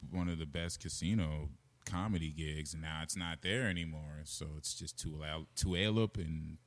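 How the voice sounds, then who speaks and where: A man in casual chat, a comedian recalling past gigs in a relaxed way. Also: rumbling low, normal speed.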